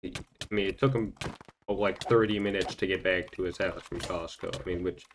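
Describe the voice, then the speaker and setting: Brief: young male gaming host, lowish voice, casual storytelling that rambles and stumbles, a faint hiss behind. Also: fairly even intonation, fairly quick. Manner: rambling, filler-heavy, stumbling repeats. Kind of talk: storytime commentary over gameplay.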